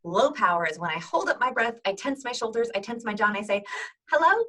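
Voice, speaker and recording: A woman's voice: mid-range voice, fast talker, rough recording. A woman in her thirties hosting an upbeat instructional video, talking energetically and acting out sample greetings. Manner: energetic, demonstrates voices and greetings. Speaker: host giving video call tips.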